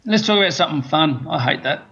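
An Australian man chats casually as a podcast guest, blunt and joking with plenty of slang. His voice is gravelly and a little high. It comes over a dull, muffled remote line. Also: expressive, fast talker, bright, forceful tone. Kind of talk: casual chat.

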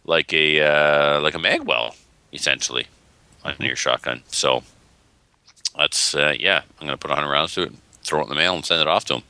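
A man with a very deep voice that still cuts through with a bright, forward edge. He co-hosts a relaxed podcast, rambling through long stories and acting out the voices of people he quotes. The sound is dry and close, with no room around it. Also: moderate pace, smooth, no echo. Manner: rambling, animated storyteller, acts out quoted voices. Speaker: podcast co-host. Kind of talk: casual chat.

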